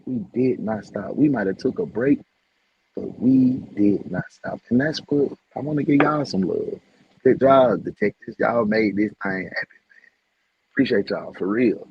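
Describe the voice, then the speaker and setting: A man hosting a casual livestream, heartfelt and repetitive, shouting out viewers by name. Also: on the low side, a little slow, husky, no echo, highs cut off. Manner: heartfelt, preachy, repeats phrases. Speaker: livestream host.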